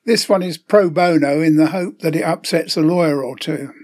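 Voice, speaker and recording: Older man, podcast host, sardonic scripted monologue, slightly high-pitched voice. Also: normal speed, a little mellow. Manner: sardonic, opinionated storytelling.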